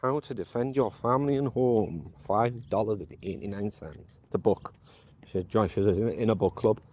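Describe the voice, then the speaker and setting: A man's voice: fairly low pitch, quick pace, a little mellow. A man vlogging outdoors from a handheld phone, rambling, muttering to himself and poking fun at himself. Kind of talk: casual vlog talk to camera. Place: outdoors by mailboxes, walking around.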